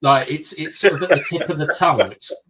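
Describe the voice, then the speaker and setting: Animated man musing on accents. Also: on the high side, fast talker, slight background noise. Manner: animated, opinionated, rambles with fillers. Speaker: podcast co-host. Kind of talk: casual live-stream chat.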